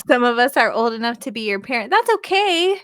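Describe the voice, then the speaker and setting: A woman's voice: on the high side, big pitch swings, fairly quick, fairly bright tone, dry recording, clean studio sound. A woman in her thirties co-hosting a live stream, chatting casually in a rambling way with frequent laughs. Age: 30s. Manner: chatty, rambling, laughs often, many fillers. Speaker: co-host.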